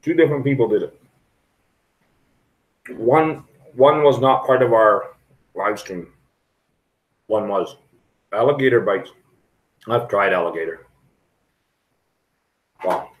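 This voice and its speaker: A man's voice: mid-range voice, unhurried, pauses often, poor audio. A middle-aged man chatting frankly and rambling to viewers on a live stream from a restaurant. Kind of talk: casual live stream chat.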